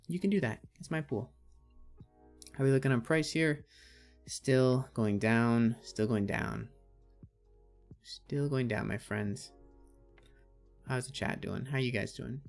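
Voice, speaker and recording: A man's voice: medium pitch, expressive, normal speed, pauses often, soft background music. A man hosting a casual crypto livestream, chatting and reading out viewer comments and answering them. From Canada.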